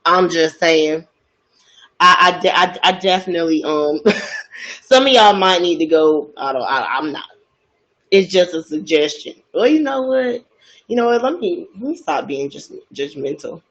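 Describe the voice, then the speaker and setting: A woman host telling a story in a casual, gossipy way, chatty and expressive, asking many rhetorical questions. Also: fairly low pitch, measured pace, highs cut off.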